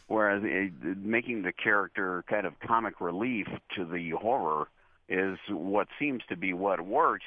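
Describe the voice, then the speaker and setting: A middle-aged man from the Chicago area, a horror show host, telling stories in an interview in a relaxed, self-deprecating way. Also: low-pitched, dry recording. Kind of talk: interview answers. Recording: thin phone-like line.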